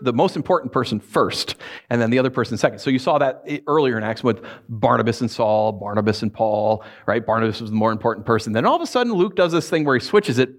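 A man preaching a sermon, reading scripture and telling stories with lively, acted-out voices. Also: mid-range voice. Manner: animated storytelling with acted-out voices.

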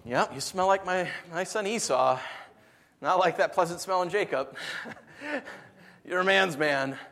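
A man's voice: sits high, a little slow, fairly bright tone, in a large hall. A man voicing an old blind father who hesitates and then wryly accepts what he senses. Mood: doubtful.

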